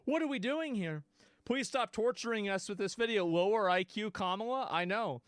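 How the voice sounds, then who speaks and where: A man streaming live, reacting bluntly to clips with profanity and sudden loud outbursts. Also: high-pitched, moderate pace, no room sound.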